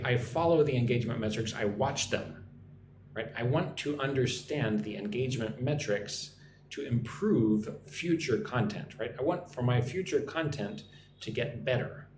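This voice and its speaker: A man from the United States teaching English on a live stream, explaining words slowly and checking in with "right?" after each point. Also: medium pitch, roomy sound, noisy background.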